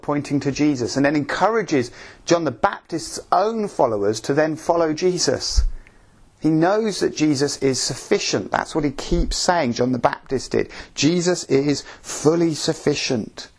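Husky-voiced man preaching a sermon. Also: mid-range voice, animated, moderate pace. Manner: earnest, questioning, leans on repeated rhetorical questions.

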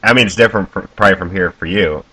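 A man's voice: deep voice, rapid-fire, bright, forceful tone, recorded from a distance, a little hiss or hum. A man guesting on a podcast in easygoing casual chat, chuckling often.

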